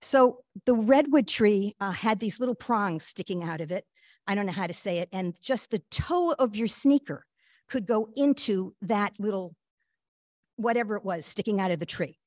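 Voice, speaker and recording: A woman guest shares a personal story in an earnest, halting voice that leans on fillers and small restarts. Her pitch sits in an ordinary middle range. The sound is dry and close, with almost no room around it. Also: a little mellow, dry recording. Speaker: guest speaker.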